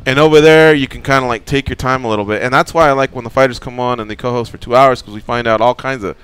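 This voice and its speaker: A man's voice: mid-range voice, quick pace, fairly bright tone, clear, resonant tone, no room sound. A man hosting a radio talk show, chatty and jokey, swearing casually as he talks with his guests. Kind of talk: casual chat. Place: radio studio.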